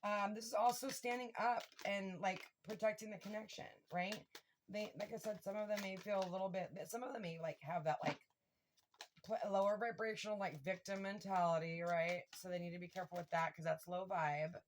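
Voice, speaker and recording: An excitable woman reads tarot cards for her viewers in an unscripted, chatty way. She swears freely and speaks straight to her audience, at a mid pitch typical for a woman. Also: a little fast, slight background noise. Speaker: tarot reader. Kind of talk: casual tarot reading to camera.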